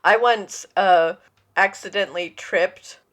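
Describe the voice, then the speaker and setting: A woman in her forties co-hosts a podcast, trading anecdotes in casual chat and acting out the voices of the people in her stories. She speaks slowly, with a medium pitch and a slightly bright tone.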